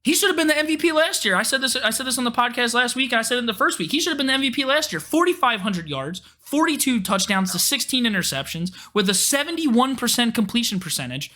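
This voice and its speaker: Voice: mid-range voice, expressive, quick pace, few pauses, pushed and bright. A podcast co-host in casual sports chat, ranting animatedly about football with frequent swearing.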